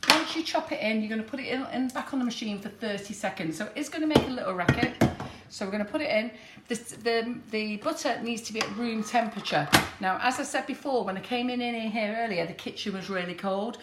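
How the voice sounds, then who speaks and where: A woman's voice: on the high side, fast, few pauses. A woman with a broad northern English accent chatting her way through a live baking demonstration in a kitchen, laughing often. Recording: roomy kitchen with background noise.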